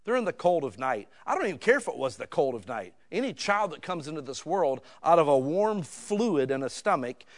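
A middle-aged man from the United States, a pastor telling a personal story in a sermon, talking conversationally and shifting from quiet asides to loud, heated stretches. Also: on the high side, very animated, brisk, few pauses.

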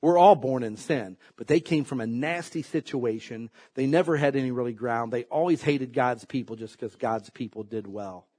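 A man preaching a sermon in an animated, emphatic way, swinging from loud high peaks to low asides. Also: normal speed, few pauses, breathy edge.

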